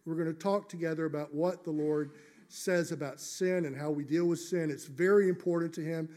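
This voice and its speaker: A male pastor preaching a sermon in church, measured and emphatic, slowing down on key phrases. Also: on the high side, fairly even intonation, mellow.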